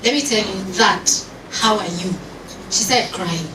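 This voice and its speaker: A woman telling stories on an event panel in a lively, animated way, mixing English with Swahili phrases and drawing the audience in. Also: mid-range voice, measured pace, crowd noise. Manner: animated, storytelling, code-switches into Swahili. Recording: echoey room from far off, noisy.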